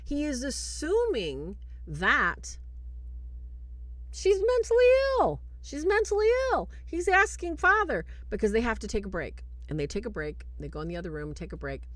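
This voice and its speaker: A woman hosting a livestreamed film review, retelling scenes in an animated way and warmly thanking her viewers. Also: mid-range voice, normal speed, few pauses, no room sound. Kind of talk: livestream commentary.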